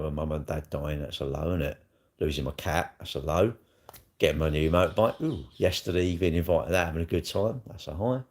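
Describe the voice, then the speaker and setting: A middle-aged man hosting a casual livestream chat rambles bluntly and crudely, tossing in tag questions as he answers comments. His voice is low and a little mellow.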